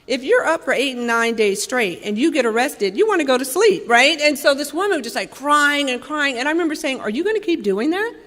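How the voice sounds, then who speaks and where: A woman in her thirties from Los Angeles, sharing her recovery story with wry candor, swelling loud and dropping soft. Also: high-pitched, expressive, a little fast, hardly any pauses. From Los Angeles, California. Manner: candid, wry, raw, with emphatic swells and soft drops. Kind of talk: personal recovery talk. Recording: long reverb from a hall.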